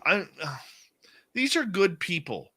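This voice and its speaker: A man's voice: sits high, very animated, unhurried, pushed and bright. A man hosting a late-night radio show, talking with passion and stressing his points with a repeated "okay?".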